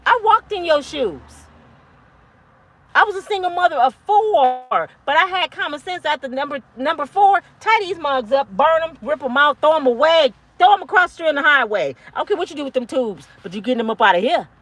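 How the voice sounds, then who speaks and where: A woman in her fifties giving a blunt, profane, preachy monologue to camera, yelling at times. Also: sits high, animated, fairly quick. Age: 50s. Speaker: motivational vlogger.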